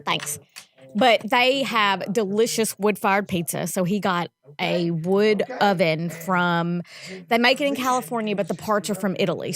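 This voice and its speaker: A woman, a co-host chatting enthusiastically about a local restaurant. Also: medium pitch. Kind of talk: casual chat.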